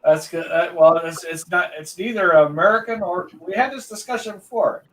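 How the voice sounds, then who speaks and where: A man's voice: sits high, normal speed, fairly bright tone. A man chatting on a live panel, wry and matter-of-fact. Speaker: panel guest. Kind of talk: casual chat on a live stream. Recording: distant mic with faint background noise.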